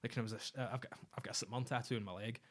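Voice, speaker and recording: Young Scottish guy, casual chat; fast, mid-range voice, chatty anecdotes with laughs. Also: medium pitch, fairly even intonation, a bit bright. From Paisley, Scotland. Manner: chatty storyteller, laughs often, acts out quotes.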